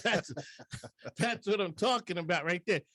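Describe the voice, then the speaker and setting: A man's voice: high-pitched, moderate pace, bright, forceful tone, no room sound. A male radio host talking in a joking, rambling, chatty way in a studio. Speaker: radio talk show host. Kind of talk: casual radio talk.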